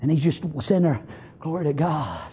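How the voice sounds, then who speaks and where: A man preaching a fiery sermon, shouting phrase after phrase and opening each one with "uh", then dropping into quieter storytelling. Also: expressive, fairly quick, husky. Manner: swings between loud shouting and low, quiet storytelling.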